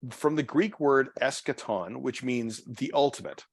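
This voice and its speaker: A man's voice: medium pitch, a little slow. A man leading a church Bible study, talking off the cuff with many fillers, restarts and trailing phrases. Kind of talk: unscripted Bible study talk. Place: church meeting room.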